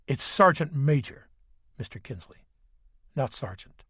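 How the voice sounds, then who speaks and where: A stern, formal Army sergeant major who speaks in clipped, firm sentences, read by a man in an audiobook. The voice sits a touch high and is recorded close and dry, with no room around it. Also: normal speed, a bit bright, no echo, close to an everyday voice.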